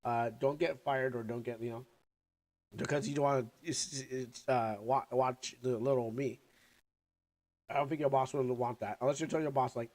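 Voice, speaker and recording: A young man with a sick, cough-prone voice chats loosely on his livestream. He rambles, restarts and trails off. He talks around candy in his mouth, at an ordinary middle pitch. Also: fairly even intonation, normal speed, a little mellow. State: sick, coughing, recovering lungs. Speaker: streamer. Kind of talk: casual livestream chat.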